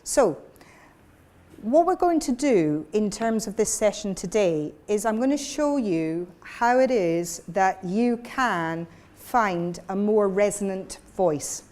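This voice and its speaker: A woman's voice: medium pitch, expressive, slow, a little mellow. A woman leading a voice workshop for a live audience, explaining and demonstrating sounds as she goes. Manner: demonstrative, breaks into sound demos. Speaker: vocal coach. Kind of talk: workshop lecture with live voice exercises.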